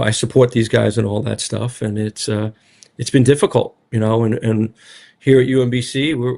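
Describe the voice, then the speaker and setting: A man's voice: fairly low pitch, vocal fry. A man with a strong Rhode Island accent, a basketball coach chatting in a casual interview, talkative, with lots of fillers and tag questions. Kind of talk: casual media day interview.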